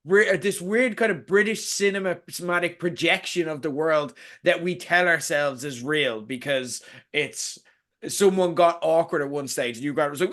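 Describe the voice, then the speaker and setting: A man's voice: on the high side, animated, normal speed, fairly bright tone. A man co-hosting a podcast in casual chat, ranting with sarcasm and swearing, mocking what he dislikes. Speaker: podcast co-host.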